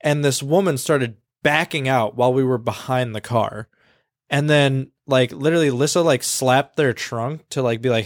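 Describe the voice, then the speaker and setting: A man's voice: mid-range voice, a little fast, no echo, clean studio sound. A man co-hosting a podcast, speaking bluntly in casual chat with plenty of swearing. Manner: blunt, profane. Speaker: podcast co-host.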